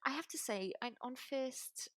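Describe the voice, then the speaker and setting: A woman's voice: sits high, animated, measured pace, crowd noise. A British woman co-hosting a casual beauty chat, talking easily and laughing often. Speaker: podcast co-host.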